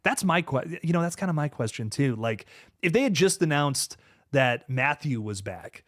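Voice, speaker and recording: Chill young guy on a home livestream, kinda high voice, super dry close sound, stumbles over his words a lot. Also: lively intonation, normal speed, dry recording. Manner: laid-back, repeats and restarts words often. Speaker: livestream host. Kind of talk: casual livestream chat, reading viewer comments aloud.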